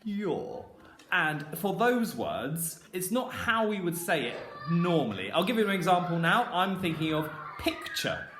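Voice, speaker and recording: A man's voice: high voice, sing-song, normal speed, a bit bright, a little hiss or hum. A man teaching a phonics lesson to young children, with a southern English accent and a playful, sing-song way of talking. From southern England. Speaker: primary school teacher. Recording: echoey room with faint ambience.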